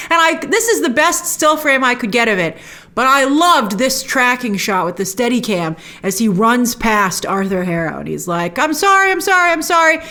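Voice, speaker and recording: A woman hosting a casual TV episode review, animated and quick to act out lines from the scenes in put-on voices. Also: fairly high pitch. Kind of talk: casual chat.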